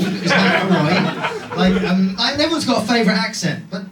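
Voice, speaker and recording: A man's voice: sits high, expressive, normal speed, few pauses. A man from Dorset doing chatty, self-mocking stand-up and talking with the crowd. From Dorset, England. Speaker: stand-up comedian. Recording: roomy comedy club from a distance, noisy.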